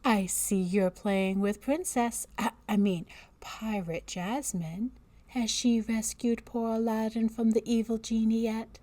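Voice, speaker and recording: A woman's voice: a little high, steady tone, a little slow, mellow, natural voice. A woman voicing a cheerful young mother who reassures her small daughter in a playful way. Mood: reassuring.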